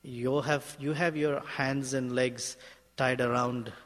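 A man's voice: medium pitch, steady tone, slow, a bit bright. A man voicing an earnest, troubled disciple who pleads with his teacher, recorded with a long hall reverb. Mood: puzzled.

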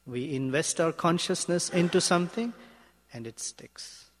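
A male spiritual teacher giving a sermon in a measured, emphatic way, often asking rhetorical questions. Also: a little high. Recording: long hall reverb.

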